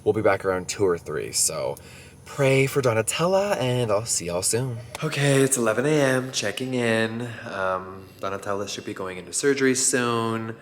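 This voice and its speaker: Expressive male vlogger with a lively voice. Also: normal speed, slight background noise. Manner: expressive, swears casually, slips into high baby talk with his dogs. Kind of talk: casual vlog to camera. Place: home ranch and vet clinic.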